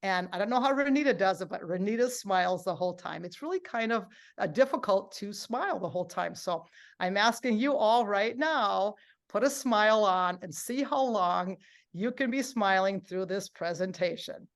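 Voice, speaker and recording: A middle-aged woman runs a live workshop, upbeat and coaxing her audience to join in while acting out quotes in lively voices. She speaks at medium pitch and a moderate pace.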